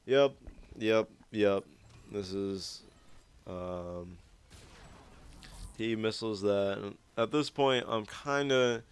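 A man's voice: on the low side, takes it slowly, pauses often, smooth. A young man giving loose, profane commentary over his gameplay footage, rambling and easygoing. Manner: laid-back, rambling, heavy swearing. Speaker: gaming YouTuber.

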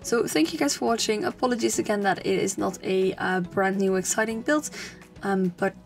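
Narrating a game build in a loose, chatty way, a young woman who runs a gaming channel rambles with many fillers and restarts, her voice a bit strained and fading. It's a mid-range, creaky voice at a moderate pace, with faint music behind her.

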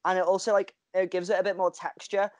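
A man's voice: sits high, level tone, fast talker, a little mellow, dry recording, lo-fi sound. A man co-hosting a podcast, chatting casually over a video call and telling stories with frequent laughter. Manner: chatty storyteller, laughs often. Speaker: podcast co-host. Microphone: video call mic.

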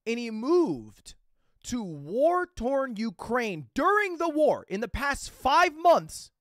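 A livestreamer tells his chat a rambling, casual anecdote, profane and relaxed, swearing freely and checking in with "okay?" and "right?" along the way. His very high-pitched voice is slow, sing-song and fairly bright, in clean studio sound with no echo.

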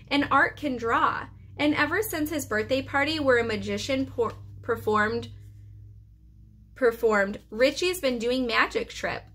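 A woman, a preschool teacher, reading a children's chapter book aloud with expressive storytelling and occasional stumbles. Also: on the high side.

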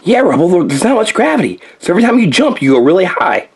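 A man voicing a clever, eager male inventor pup in a toy play-along story, insistent and excited. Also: sits high, fast, breathy edge, full character voice.

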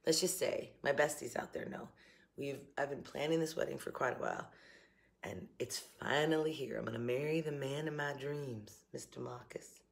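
A creaky, rumbling low voice at normal speed belongs to a middle-aged Southern woman vlogging in her kitchen. She chats casually and happily to camera, laughing along, with a slight morning cough.

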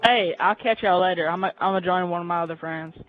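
Quick high-voiced young male gamer, offhand, over game music. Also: fairly bright tone, poor audio. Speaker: gaming friend. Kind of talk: casual game chat.

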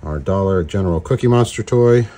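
Deep and dark-toned, the man speaks briskly while hosting a casual video on crafting fishing lures. He's jokey throughout, playing with silly wordplay.

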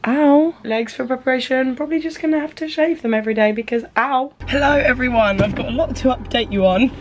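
A woman's voice: high-pitched, quick pace, noisy background. A young woman, vlogging in a chatty, rambling and nervous way to her phone camera. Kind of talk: casual chat to camera.

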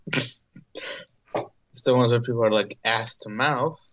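A man's voice: medium pitch, slow, a bit bright, slight background noise, poor audio. A man musing casually while playing a card game with friends. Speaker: game night player. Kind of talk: casual chat.

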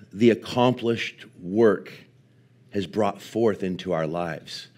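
A man in his forties, a pastor preaching a sermon, telling a personal story with frequent laughs and fillers, then teaching in a quieter, slower way. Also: deep voice. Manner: animated storyteller, laughs often, many fillers.

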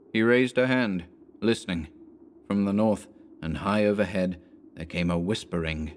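A man narrating a horror story as an audiobook, in a measured, dramatic way. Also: low-pitched, slight background noise.

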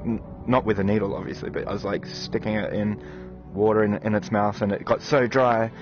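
A man hosting a gaming video, talking to his viewers in excited, animated commentary, quick to swear and exclaim. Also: fairly low pitch. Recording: slightly dull recording with game music.

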